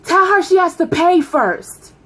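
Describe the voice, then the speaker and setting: A woman voicing a hostile, bossy woman supervisor who talks brashly and yells. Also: sits high, a little slow. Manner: brash, yelling, rude.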